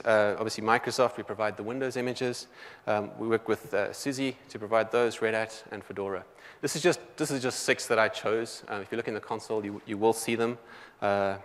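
A man with a South African accent giving a technical conference talk, talking quickly with many fillers and restarts. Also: on the low side, fairly bright tone, long reverb tail. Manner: quick, loose delivery full of "um" and restarts. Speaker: conference presenter. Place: large conference hall.

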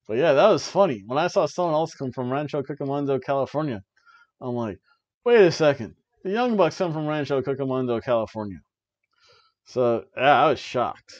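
A man hosting a wrestling review podcast, chatting casually through a match recap, laughing often and filling pauses with ums. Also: a little high, expressive, no room sound, highs cut off.

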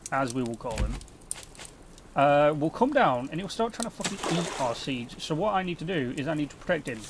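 A man's voice: fairly high pitch, noisy background. A young man hosting a gaming channel, chatting casually and swearing freely at the viewers and in-game creatures. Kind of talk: casual let's-play commentary.

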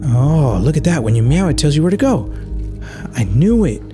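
Lively joking gamer man. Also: on the high side, moderate pace, over music. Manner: animated, joking, mixes in Spanish words. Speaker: gaming YouTuber. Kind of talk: casual gameplay commentary.

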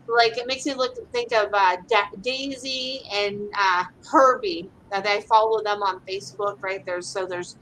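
A woman's voice: medium pitch, fairly even intonation, a little slow, few pauses, fairly bright tone, slight background noise, low-quality recording. A woman from the US West Coast, an animal communicator, chatting casually and filling her talk with "like" and "right?". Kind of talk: casual chat.

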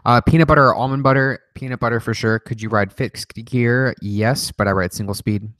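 A man's voice: medium pitch, fairly even intonation, fairly quick, fairly bright tone, no echo. A man hosting a livestream, answering viewer questions in a casual, joking way with plenty of swearing and rambling asides. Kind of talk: casual rapid-fire Q&A livestream.

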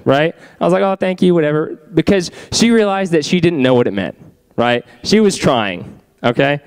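Chatty young youth pastor, a bit high. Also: male voice, clear, resonant tone. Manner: chatty, asks the audience questions. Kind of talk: youth group sermon. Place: youth ministry room.

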